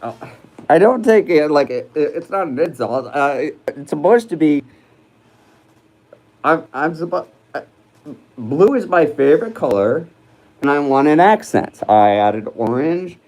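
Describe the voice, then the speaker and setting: A man's voice: a little high, lively intonation, a little slow, pauses often, darkish tone, poor audio. A man hosting a casual livestream, chatting in a rambling, hesitant way with lots of fillers and restarts as he reads viewer comments. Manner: chats with viewers while reading live comments. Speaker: livestream host.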